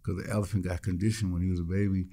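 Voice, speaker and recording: Deep low-voiced dude, warm dark tone, telling his life story blunt and animated, mimics people as he goes. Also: very fast. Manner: blunt, swears freely. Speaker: musician guest. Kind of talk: casual interview storytelling.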